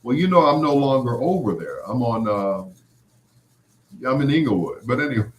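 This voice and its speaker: A man's voice: mid-range voice, big pitch swings, measured pace. A middle-aged man hosting a podcast, chatting loosely in a rambling way with lots of "you know" fillers and acted-out quotes. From Chicago area. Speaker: podcast host. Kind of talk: casual storytelling chat.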